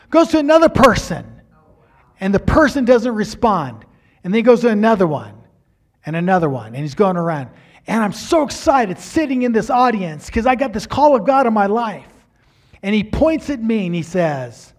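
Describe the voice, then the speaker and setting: A middle-aged male pastor telling a personal story in a sermon, animated, acting out the quotes with big swings in loudness. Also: sits high, a little fast.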